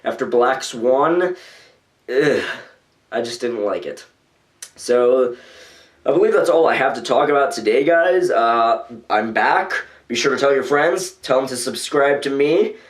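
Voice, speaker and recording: A man's voice: mid-range voice, lively intonation, measured pace. A young man from the United States rambling casually in his own video blog, with loose phrasing and lots of fillers. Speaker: vlogger. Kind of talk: casual vlog commentary.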